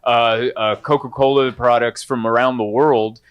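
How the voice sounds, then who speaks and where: A man performing a stand-up comedy set, animated and swinging into high, exaggerated bits. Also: normal speed, clear, resonant tone, dull audio.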